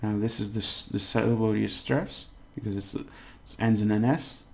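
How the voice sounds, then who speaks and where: A man teaching a casual language lesson, patiently breaking down words and slowly overpronouncing the examples. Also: lowish voice, steady tone, creaky.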